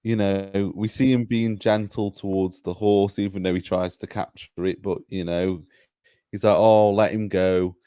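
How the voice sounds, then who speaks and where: A man joining a casual review chat as guest, agreeable and quick to laugh. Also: sits low, little pitch movement, mellow, clear, resonant tone, no room sound. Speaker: co-host guest.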